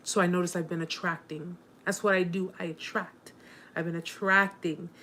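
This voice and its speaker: A woman's voice: fairly low pitch, level tone, moderate pace, a little hiss or hum. Emotional woman live-chat host, rambling. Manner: warm, rambling, with many fillers and restarts; openly emotional and encouraging. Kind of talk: casual live-stream chat with viewers.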